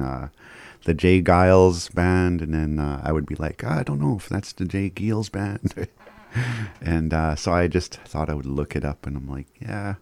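A low-voiced man hosts a small community radio show and works through the day's announcements. He keeps it easygoing, chuckles often and trips over the odd word. The studio sound is dry and close. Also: creaky, a little mellow, dry recording.

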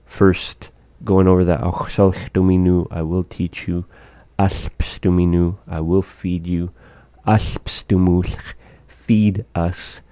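Man teaching phrases, very low voice, slow and careful, mellow tone, dry close sound. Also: level tone, dry recording. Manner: careful, repeats phrases slowly for learners. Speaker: language teacher. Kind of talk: slow language lesson.

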